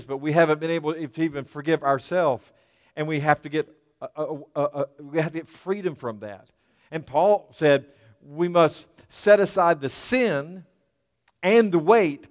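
Man preaching with a smooth, resonant voice. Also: fairly high pitch. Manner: earnest, repetitive preaching with restarts and emphatic pauses. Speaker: pastor. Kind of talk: sermon. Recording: long hall reverb.

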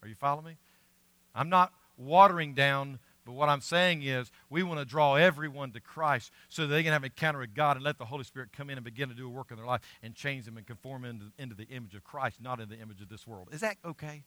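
A man's voice: mid-range voice, fast talker, sharp tone, no echo. Earnest, emphatic man preaching a sermon. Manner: earnest, emphatic preaching with rising and falling volume. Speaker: pastor.

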